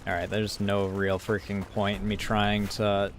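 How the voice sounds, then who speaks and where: A man's voice: on the low side, monotone, a little slow, a little hiss or hum. A man streaming a game, talking casually and swearing in frustration. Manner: swears freely, frustrated asides. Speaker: gaming streamer. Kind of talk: casual gameplay commentary.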